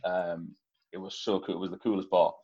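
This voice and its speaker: A man's voice: sits low, flat delivery, a little fast, dark tone, breathy edge. A man hosting a podcast, chatting casually and easygoing with chuckling reactions. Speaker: podcast host. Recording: dull lo-fi sound.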